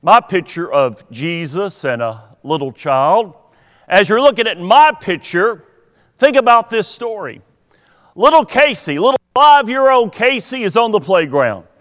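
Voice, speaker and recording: A pastor with a high, fairly bright, smooth voice preaches a sermon in a church sanctuary, telling stories and putting questions to the congregation. The recording carries the long hall reverb of the church.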